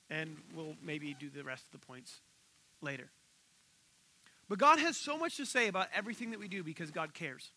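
A man preaching a sermon as pastor, telling stories with animated acted-out voices and leading an altar call. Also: high-pitched, normal speed, low-quality recording. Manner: animated storytelling, acting out quoted voices.

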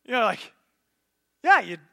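A pastor tells a sermon story with relaxed, animated energy, scattering lots of fillers along the way. His voice is very high for a man, bright and forward, with a creaky quality and a slightly slow pace.

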